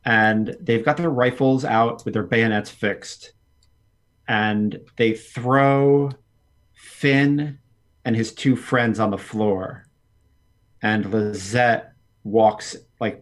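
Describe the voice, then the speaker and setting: A man running a tabletop game as game master, narrating in a relaxed way with plenty of fillers. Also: lowish voice, drawn-out words, pauses often.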